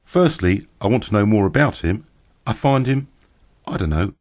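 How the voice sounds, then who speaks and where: A man's voice: on the low side, expressive, a little mellow, no echo, clean studio sound, voice pushed up, lightly acted. A man voicing a thoughtful, wary male character in a storybook reading. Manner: thoughtful, measured.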